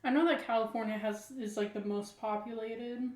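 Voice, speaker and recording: A woman's voice: fairly high pitch, fairly even intonation, moderate pace. A woman co-hosting a casual podcast, answering quiz questions with goofy jokes and frequent laughter. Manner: goofy, joking, laughs a lot. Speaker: podcast co-host taking a quiz. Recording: echoey room with faint ambient noise.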